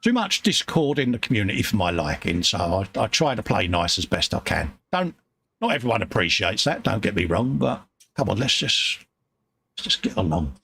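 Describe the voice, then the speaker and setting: British man, jokey livestream host, gravelly voice with a lively, bouncing pitch, chatting from a home workshop. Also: moderate pace, slight background noise. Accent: British English. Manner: jokey, chummy, reads viewer comments aloud. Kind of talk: casual chat.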